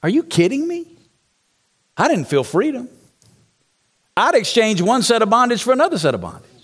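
A man preaching an emphatic, confessional sermon in a church sanctuary, his voice sitting unusually high for a man. He coaxes the congregation into calling back answers and speaks plainly about his own struggles. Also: wildly swooping pitch, moderate pace, breathy edge. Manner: candid, confessional storytelling. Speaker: pastor.

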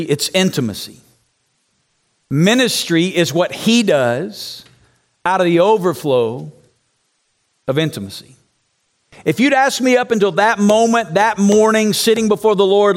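A male preacher with a high voice that swings widely in pitch. He teaches church planters in a lively, conversational way, sinking to hushed low lines and then rising into loud, high-pitched shouts. He speaks right to the listeners and keeps asking them questions. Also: moderate pace. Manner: conversational, rhetorical asides to the audience.

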